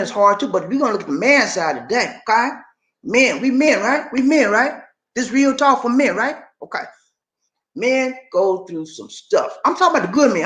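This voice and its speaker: A man's voice: sits high, a bit bright, roomy sound. An older man hosting a motivational live stream, talking in a preachy, rallying way that repeats phrases to draw his listeners in. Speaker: channel host.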